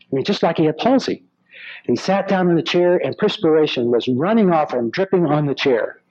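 This sermon comes from a man whose voice sits on the high side and moves briskly. An animated storyteller, he voices the people in his stories himself; the audio is lo-fi and slightly dull.

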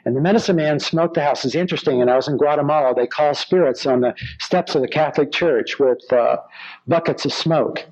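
A man's voice: fairly high pitch, brisk. A man preaching, telling stories and acting out the voices of the people in them. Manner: animated storyteller, acts out quoted voices. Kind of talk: sermon storytelling. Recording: slightly dull lo-fi recording.

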